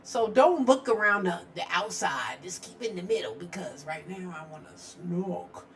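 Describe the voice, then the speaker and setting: A woman's voice: on the low side, animated, normal speed, a bit bright. A middle-aged woman hosting a casual true-crime live stream from her home studio, chatty and rambling, laughing often.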